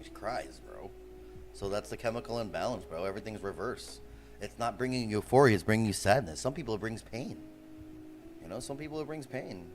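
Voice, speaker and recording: Animated, profane man in his forties. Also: fairly low pitch. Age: 40s. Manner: loose, profane, animated, says "bro" a lot. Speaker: streamer. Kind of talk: casual storytelling chat.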